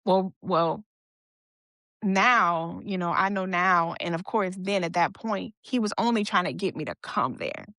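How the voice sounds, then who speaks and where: A woman's voice: on the low side, measured pace, fairly bright tone, dry recording, clean studio sound. A young woman guest on a podcast, telling a personal story in a casual conversational way and quoting what others said. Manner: conversational, retelling events with quoted dialogue and fillers. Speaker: guest sharing her story.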